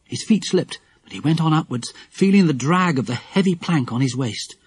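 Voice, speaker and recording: Lively, husky male storyteller. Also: a little high, normal speed. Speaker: audiobook narrator. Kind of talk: children's audiobook narration.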